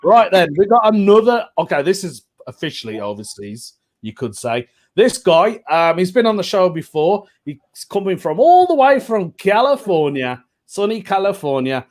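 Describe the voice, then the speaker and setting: A man's voice: high voice, very animated, normal speed, hardly any pauses, a little mellow. A man hosts a casual online comedy show. He is chatty and jokey and laughs often between lines. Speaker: host.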